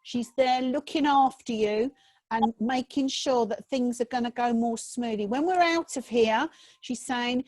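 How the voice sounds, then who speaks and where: A woman's voice: a little high, a little slow, a little mellow, dry recording, poor audio. A woman giving a mediumship demonstration over a video call, chatty and reassuring as she relays messages. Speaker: spiritualist medium.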